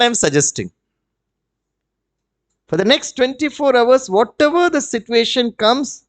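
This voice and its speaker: A middle-aged man with an Indian accent gives an animated, storytelling spiritual talk and asks the audience questions. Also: extremely high pitch, normal speed, pauses often. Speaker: spiritual retreat speaker.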